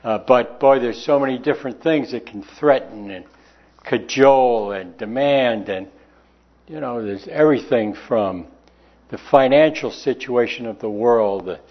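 A man preaching a sermon in a folksy, conversational way, slowing down to stress key words. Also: medium pitch. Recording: dull lo-fi recording.

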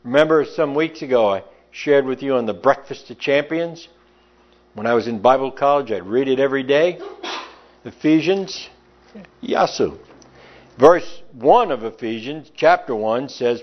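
A man's voice: on the high side, normal speed. A man preaching a sermon in a folksy, emphatic way, telling stories and reading scripture, in a lo-fi recording.

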